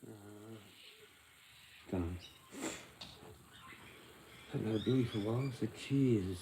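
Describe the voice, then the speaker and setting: A man's voice: fairly low pitch, a little slow, noisy background. An Australian man with an Australian accent, rambling loosely and swearing on a casual livestream, sometimes dropping into half-whispers. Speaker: livestream host.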